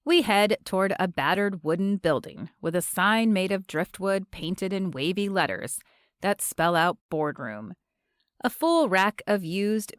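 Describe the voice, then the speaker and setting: A woman narrating a romance audiobook in a measured, expressive reading from a close studio mic. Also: medium pitch, clean tone, no room sound.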